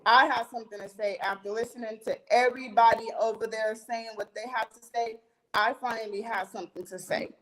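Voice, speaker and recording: A woman's voice: a little high, steady tone, brisk, a bit bright, low-quality recording. A young woman animatedly telling a profane story about a fight, acting out the arguments with emphatic, heated delivery. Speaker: reality TV cast member telling a story.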